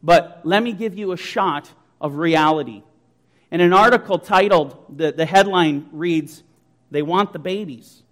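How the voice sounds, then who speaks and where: Forceful high-voiced male preacher. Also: measured pace. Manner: forceful, emphatic preaching with rhetorical questions. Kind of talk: sermon.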